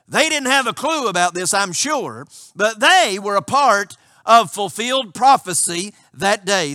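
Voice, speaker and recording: A man's voice: high voice, bright, forceful tone, dry recording, studio quality. A male pastor preaching a sermon with passion, asking rhetorical questions of his congregation.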